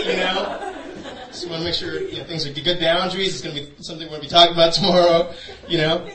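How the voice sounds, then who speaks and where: A pastor with a high, pushed, bright voice preaches a sermon through a personal story, loose and conversational and full of "you know." He sounds distant in an echoey room.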